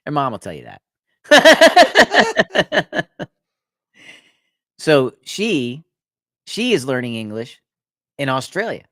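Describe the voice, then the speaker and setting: A man's voice: on the high side, huge pitch swings, slow, long pauses, a bit bright, no echo, studio quality. A man hosting a podcast, telling a long rambling story in casual chat and laughing at his own jokes. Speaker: podcast host.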